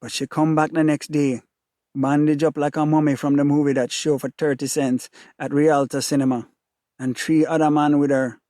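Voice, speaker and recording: A man with a Jamaican accent reads in a rhythmic, repeating cadence with a somewhat high voice. The sound is close and dry, with no room to speak of. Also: flat delivery, normal speed, warm tone, no echo. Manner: rhythmic, repetitive, intense. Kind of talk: dramatic reading of a novel in first person.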